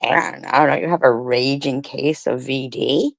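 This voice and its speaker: A woman's voice: a bass voice, fairly even intonation, moderate pace, creaky, few pauses, dry recording. A woman doing profane, mocking commentary, firing back sarcastic rhetorical questions at her critics. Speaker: commentary streamer. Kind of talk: ranting commentary on comments read aloud.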